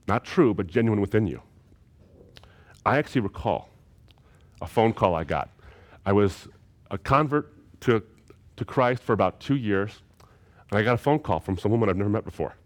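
A man delivers a recorded seminary lecture in a fairly low voice. He talks emphatically, and he often repeats a phrase to drive the point home.

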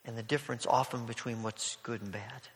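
A man preaching a sermon, telling a story in a gentle, conversational way with soft asides. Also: medium pitch, fairly even intonation, a little fast. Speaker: pastor. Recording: long hall reverb.

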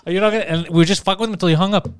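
Man, casual podcast chat, animated and profane, high-pitched, smooth, dry close sound. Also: very fast, dry recording. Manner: animated, profane, jumps into high mocking voices for quotes. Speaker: podcast co-host. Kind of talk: casual chat, storytelling with acted quotes.

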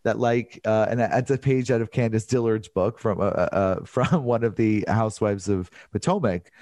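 A man's voice: lowish voice, normal speed, darkish tone, dry recording. A man being interviewed about his book, talking earnestly and emotionally with many restarts. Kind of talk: candid interview conversation.

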